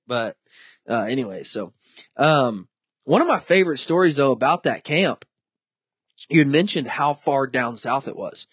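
A man's voice: mid-range voice, moderate pace, slightly rough, no echo. A young man tells his stories with energy, jumping into the voices of the people in them. His voice sits in an ordinary middle range. The sound is dry and close to the mic. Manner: animated storyteller, acts out quoted voices. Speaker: podcast host. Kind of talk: casual storytelling chat.

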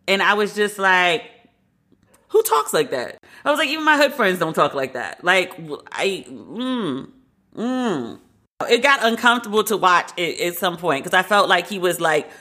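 A woman's voice: mid-range voice, pushed and bright. A woman hosting a podcast, giving her frank opinions in a casual, conversational way. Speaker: podcast host.

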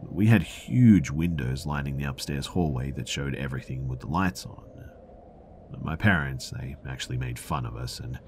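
Man, extremely deep voice, scary story narration, hushed, measured, faint hiss behind. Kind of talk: reading a scary first-person story.

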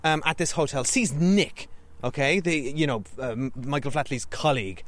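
Guy on a movie podcast, slightly high voice, laughing as he rips into the plot. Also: normal speed, slight background noise. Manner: animated, laughing recaps of bad dialogue. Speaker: podcast co-host. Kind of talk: casual movie review chat.

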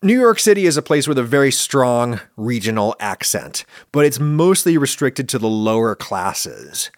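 A man's voice: mid-range voice, big pitch swings, moderate pace, dry recording, studio quality. A man from central Pennsylvania with a general northern US accent, hosting a viewer-question show in a wry, opinionated explanatory monologue. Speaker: host answering viewer questions.

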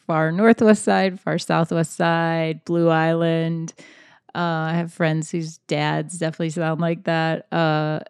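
A Chicago woman with a Chicago accent talks slowly and thoughtfully, pausing on fillers. Her voice is very low, with a gravelly edge, yet smooth and resonant. She is recorded close and dry. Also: no echo. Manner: thoughtful, hesitant with many fillers. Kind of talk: casual chat.

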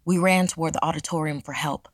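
A woman narrating a first-person horror story in a steady, measured way. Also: sits low, no room sound.

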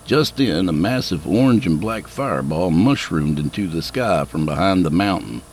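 A man's voice: sits low, expressive, moderate pace, a little mellow, a little hiss or hum. A man narrating a scripted story in a dry, folksy, humorous way. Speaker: narrator and host.

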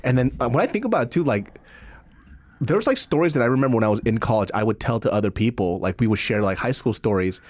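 A man's voice: medium pitch, lively intonation, fast, no room sound. A young man swapping embarrassing stories in a casual chat, joking and swearing at his own expense. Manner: joking, profane, self-mocking.

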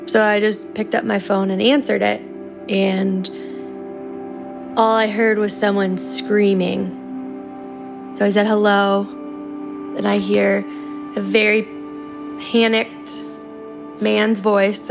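Gravelly, flat-voiced woman recounting. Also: mid-range voice. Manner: halting retelling with many fillers. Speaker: bereaved wife interviewed. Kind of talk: recounted interview testimony.

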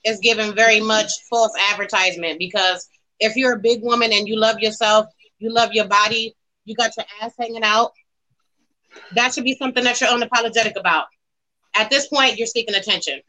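Woman, high voice, bright, brash, crude, insulting gossip rant. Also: fairly even intonation, brisk, poor audio. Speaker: caller on a celebrity gossip show. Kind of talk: profane celebrity gossip rant.

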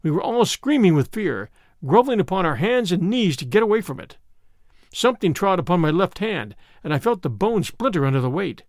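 A man narrating a classic ghost story in a vivid, expressive storytelling manner. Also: high-pitched, fairly quick, dry recording, clean studio sound. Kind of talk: dramatic audiobook narration.

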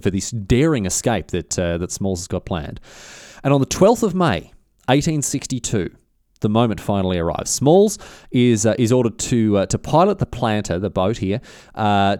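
A man telling a history story in a loose, chatty way, full of filler words, restarts and cheeky slang. His pitch swings lively up and down as he goes. The recording is close and dry, without room sound. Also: dry recording.

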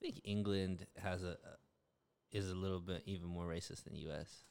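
Man, very deep voice, smooth and resonant, wry offhand chat. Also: steady tone, normal speed, a little mellow. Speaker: podcast co-host. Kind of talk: casual chat.

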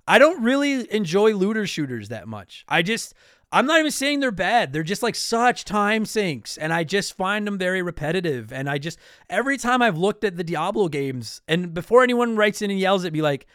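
A man's voice: high voice, big pitch swings, moderate pace, a bit bright, smooth, no room sound, studio quality. A man from Canada hosting a podcast and answering listener mail, rambling and apologizing as he cuts himself off mid-sentence. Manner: rambling, self-interrupting, apologetic. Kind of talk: casual podcast chat.

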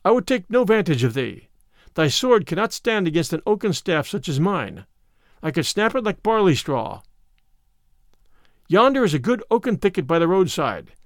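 A man's voice: high-pitched, very animated, normal speed, no room sound, clean studio sound. A man reading as a mock-courtly outlaw chief. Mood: stern. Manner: archaic, mock-courtly speech. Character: bold courteous male outlaw leader.

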